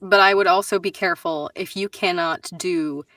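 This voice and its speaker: A woman's voice: lowish voice, steady tone, normal speed, bright, forceful tone, recorded from a distance. A woman voice actor in a live panel discussion, giving emphatic practical advice. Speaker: voice actor guest.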